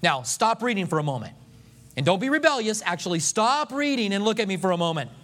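A pastor giving a sermon, telling the story in an animated, joking way and acting out the scenes. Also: male voice, high-pitched, fast talker.

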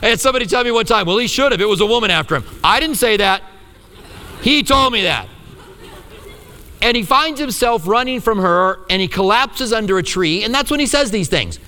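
Pastor guy preaching, high bright voice, big echoey church hall. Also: brisk. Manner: animated storytelling preacher, acts out quotes. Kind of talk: sermon. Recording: reverberant hall.

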